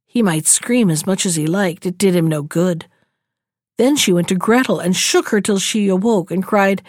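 A woman reads a fairy tale aloud, measured and expressive, at a middle pitch. The recording is dry and close, with no room sound. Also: dry recording. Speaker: storyteller.

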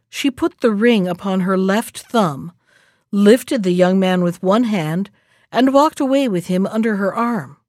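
A woman narrating a fairy tale aloud in a measured, unhurried reading. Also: medium pitch, darkish tone, dry recording, clean studio sound.

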